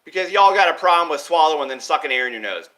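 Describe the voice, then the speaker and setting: A man with a high, bright voice delivers a rambling monologue to his viewers. He swears freely and lurches between topics, his pitch and loudness rising and falling sharply from one phrase to the next. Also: expressive, very fast. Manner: erratic, profane and rambling, with big swings in pitch and loudness. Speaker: vlogger.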